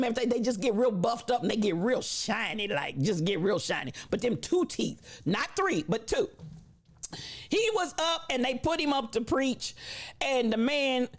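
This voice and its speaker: A high-voiced woman telling a comic story to her chat, her pitch leaping and swooping from one phrase to the next. She stays animated throughout and breaks into laughter again and again. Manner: animated, laughing often, talks back to the chat. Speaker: livestream host.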